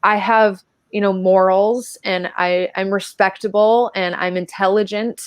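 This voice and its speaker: A woman's voice: medium pitch, fairly even intonation, unhurried, clear, resonant tone, dry recording. A woman as a podcast guest, telling stories in a chatty, casual way full of filler words. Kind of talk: casual storytelling chat.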